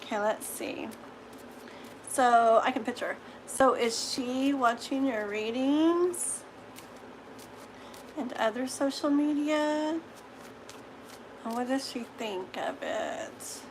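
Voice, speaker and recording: A woman's voice: high voice, takes it slowly, long pauses, a little hiss or hum, low-quality recording. A middle-aged woman hosting a live tarot reading, chatting casually and gushing, laughing often. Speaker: tarot reader hosting a livestream. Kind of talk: casual livestream chat.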